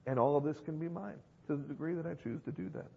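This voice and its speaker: A man's voice: on the high side, fast, gravelly, slightly rough. A man preaching a sermon to a congregation, emphatic and given to repeating phrases and asking rhetorical questions. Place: church hall with an audience. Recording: dull lo-fi recording in a reverberant hall.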